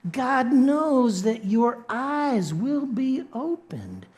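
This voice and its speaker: A man voicing a smooth-talking male devil with a put-on Southern accent, soft and coaxing. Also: very high-pitched, very animated, very slow, voice pushed up, exaggerated voice. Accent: Southern US, put on badly. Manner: soft, coaxing, syrupy drawl.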